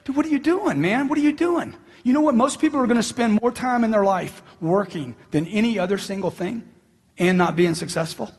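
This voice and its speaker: A middle-aged man giving a forceful, preachy motivational seminar talk, firing questions at the crowd. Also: high-pitched, fairly quick, breathy edge. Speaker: motivational speaker.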